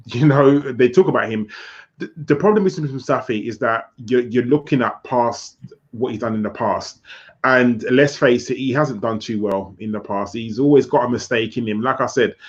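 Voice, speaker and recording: A man co-hosting a football podcast, earnest and emphatic, repeating himself as he argues his point. His voice sits at a middle pitch. It comes through dull and lo-fi. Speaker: podcast co-host. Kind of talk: casual football discussion. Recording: dull lo-fi sound.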